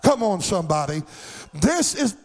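A man preaches a sermon in a church sanctuary. His voice sits very high, and he lilts his lines in a sing-song cadence that climbs into impassioned shouts. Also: sing-song, moderate pace. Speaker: pastor.

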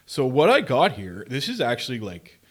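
The co-host's medium-pitched voice has a breathy edge and swoops wildly in pitch, though his pace is normal. He rambles through a casual podcast chat, filling it with fillers and frequent laughs.

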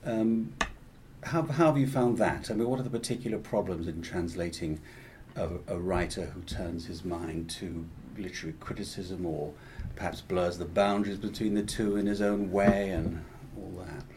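A man's voice: deep voice, moderate pace, a little mellow, slight background noise. A man hosting an academic interview, asking hesitant questions that he rephrases as he goes.

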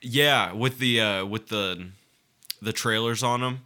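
Bright, joking podcast man. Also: medium pitch, clear, resonant tone. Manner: joking, quick back-and-forth banter. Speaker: podcast co-host. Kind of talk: casual chat.

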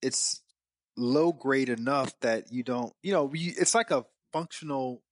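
A man's voice: mid-range voice, unhurried, no echo. A man hosting a conversation, explaining his view thoughtfully with everyday examples. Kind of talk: casual conversation.

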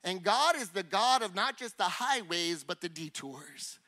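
Man, preacher, sermon, very high voice, bright, conversational, rhetorical questions, acts out scenes. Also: animated, a little slow. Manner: acts out little scenes and honking noises.

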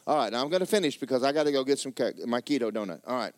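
A man's voice: mid-range voice, animated, racing, dry recording. Folksy preacher man. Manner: folksy, joking storyteller, repeats words for effect. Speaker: pastor. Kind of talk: sermon.

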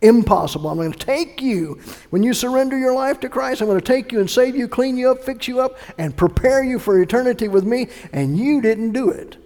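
A male pastor with a high, gravelly voice delivers an emphatic sermon. He swings between forceful bursts and hushed asides. A long hall reverb trails each phrase. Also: expressive, a little fast. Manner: emphatic preaching with sudden shifts between loud and hushed delivery.

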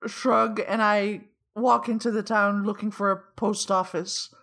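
A woman playing a tabletop game, describing her actions in a chatty, halting way. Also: medium pitch, steady tone, fairly bright tone. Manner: chatty and halting, with many ums. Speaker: player. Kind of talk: casual tabletop play.

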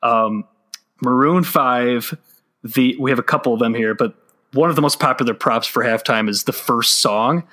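A man hosting a casual podcast about sports betting, talking loosely with quick asides and swearing. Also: mid-range voice, bright, forceful tone. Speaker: podcast host.

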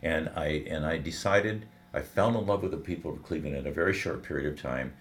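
An older man, a veteran radio broadcaster, is a guest in a casual interview, telling stories animatedly with frequent restarts. His voice rumbles low and he speaks briskly.

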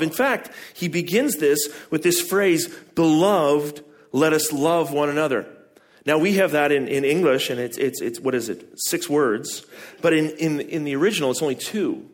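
A man preaching a sermon, emphatic and prone to repeating words and restarting, who climbs high and loud on key phrases. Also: lively intonation, moderate pace.

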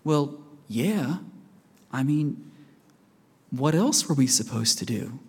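A man's voice: mid-range voice, animated, slow pace, darkish tone, husky, full character voice. A man playing a flustered, hesitant fellow who stumbles over his excuses, in a sermon skit. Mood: sheepish. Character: flustered man who let the prisoner slip away. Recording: reverberant church hall.

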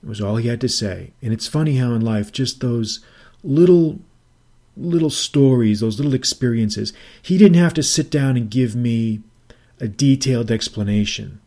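A middle-aged man telling a personal story as a podcast host, deliberate and often repeating and restating his phrases. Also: mid-range voice, dark tone. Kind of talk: reflective personal storytelling monologue.

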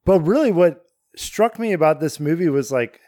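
A man with a somewhat high voice chats casually on a podcast, enthusiastic and swearing without a thought. The sound is dry and close, with no room echo. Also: lively intonation, normal speed, warm tone. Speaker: podcast co-host. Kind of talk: casual chat.

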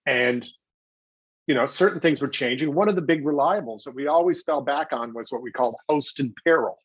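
A middle-aged man with a husky, slightly breathy voice, spinning animated anecdotes and acting out quotes. The sound is dry and a little dull, as if recorded with a modest mic in a deadened room. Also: mid-range voice, no room sound. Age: 40s or older. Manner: animated storyteller acting out quotes, quick restarts. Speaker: guest, television host. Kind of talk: anecdotal interview talk.

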